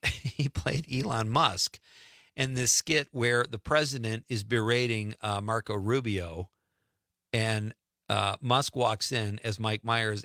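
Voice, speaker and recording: A man's voice: fairly low pitch, bright, forceful tone, no room sound, studio quality. A man hosting a radio show, chatting casually and reading listener texts aloud with easy laughs. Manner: chatty, laughs easily, drifts between lines. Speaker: radio host.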